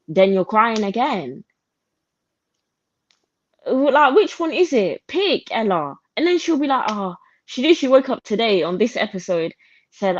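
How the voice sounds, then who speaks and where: A woman's voice: a little high, big pitch swings, normal speed, no room sound. A woman co-hosting a podcast, giving casual reality-TV commentary in an incredulous tone and quoting people in mocking voices. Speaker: podcast co-host. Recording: slightly dull, lo-fi audio.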